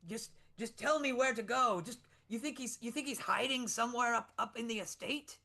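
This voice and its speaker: A man's voice: extremely high pitch, moderate pace, gravelly, pushed and bright, pitched above the performer's own voice, exaggerated voice. Man doing a fawning, stammering peasant. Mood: eager. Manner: eager, stammering, ingratiating. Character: skinny sweaty fawning peasant rope maker.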